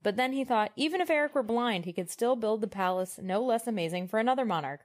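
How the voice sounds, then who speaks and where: A woman's voice: a little high, expressive. A woman co-hosting a podcast who reads passages from a novel aloud and breaks off to joke and laugh. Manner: joking, laughs often, pauses on fillers. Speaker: podcast co-host. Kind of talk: casual chat mixed with reading aloud from a novel.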